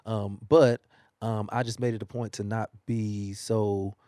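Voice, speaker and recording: A working singer from the United States, appearing as a guest at a newspaper studio, chats casually about his career through lively stories punctuated by frequent laughter. He speaks a little slowly in a fairly low voice, and the studio-quality audio has no room sound.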